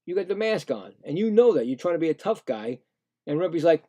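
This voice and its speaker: A man giving casual, excitable play-by-play of a hockey game, indignant and rambling with frequent restarts. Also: a little high, fairly quick. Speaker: live play-by-play streamer.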